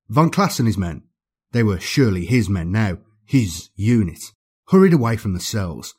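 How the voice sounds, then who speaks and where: Low, husky male audiobook narrator. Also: darkish tone.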